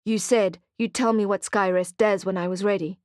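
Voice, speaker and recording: A woman's voice: medium pitch, steady tone, normal speed, a little mellow, no echo, studio quality, lightly acted. A woman reading the part of an eager young man pressing a mentor.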